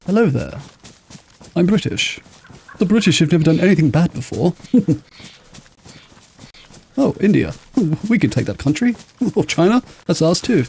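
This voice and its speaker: A man putting on a smug, mock-posh British gentleman in a higher, plummy, self-satisfied voice. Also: sing-song, fairly quick, vocal fry, hardly any pauses, slightly rough, full character voice.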